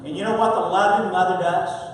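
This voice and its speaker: A man's voice: high-pitched, steady tone, a little fast, noisy background. Emphatic preacher man, echoey hall. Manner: emphatic, repetitive, rises and falls in volume. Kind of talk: sermon. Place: church sanctuary. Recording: echoey hall, picked up from far off.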